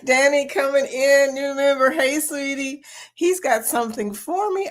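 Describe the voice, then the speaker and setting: A woman's voice: high-pitched, animated, a little slow. A woman hosting a casual live stream, bubbly and laughing often as she greets chat members one by one.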